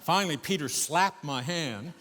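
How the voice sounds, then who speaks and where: An older man performing a solo stage monologue, animated, going from loud emphasis to hushed asides. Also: fairly high pitch, moderate pace. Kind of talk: theatrical storytelling monologue. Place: theater stage before a live audience. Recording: echoey theater with long reverb.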